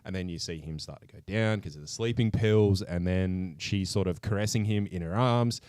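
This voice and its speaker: A man co-hosting a podcast, retelling a film plot in an animated, sweary way. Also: low-pitched, moderate pace, smooth, dry recording, clean studio sound. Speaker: podcast co-host. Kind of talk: casual chat.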